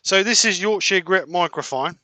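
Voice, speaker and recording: A man talks through a woodturning demo in a plain, practical manner. His voice sounds bright and a little high, and the close mic adds almost no room sound. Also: moderate pace, no echo. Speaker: woodturner demonstrating. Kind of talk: livestream demo chat.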